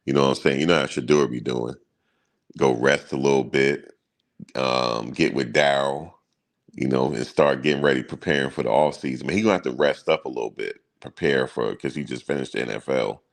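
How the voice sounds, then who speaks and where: A man's voice: a bass voice, brisk, vocal fry. A man hosting a sports channel, chatting casually in loose, slangy banter and chuckling at his own stories.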